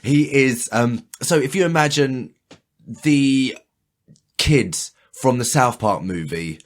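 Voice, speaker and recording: A man hosts a casual podcast chat with lots of enthusiasm. He rambles and restarts, swearing freely as he gets excited. His voice sits in an ordinary middle male pitch. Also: slow. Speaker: podcast host.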